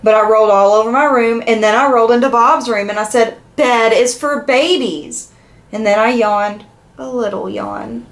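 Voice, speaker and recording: A woman's voice: fairly high pitch, fairly quick, gravelly. A woman reading a picture book aloud to young children, asking them questions as she goes. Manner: animated, asks the young listeners questions. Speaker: children's story reader. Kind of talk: interactive read-aloud for children.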